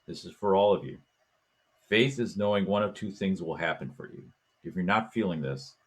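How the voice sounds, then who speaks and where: A man hosting a talk show, telling a story in a casual, animated way and acting out voices and chants as he goes. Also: low-pitched, moderate pace, slightly rough. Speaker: podcast host.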